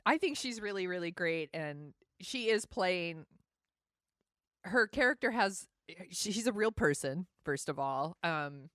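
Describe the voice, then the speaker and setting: Low-voiced woman with wry jokes. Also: animated, measured pace, a bit bright, dry recording, clean studio sound. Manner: wry, teasing asides. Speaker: podcast co-host. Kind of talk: casual movie chat.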